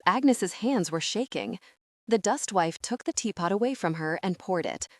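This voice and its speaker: A woman narrating a dark fantasy audiobook in a calm, even storytelling manner. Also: medium pitch, normal speed, no echo, studio quality. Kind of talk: scripted narration.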